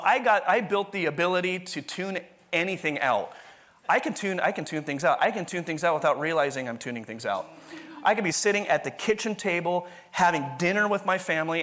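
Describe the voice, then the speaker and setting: A man's voice: a little high, bright, forceful tone. A man preaching a sermon in a conversational, rambling way, often restarting his sentences. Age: adult, continuing university studies. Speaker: pastor.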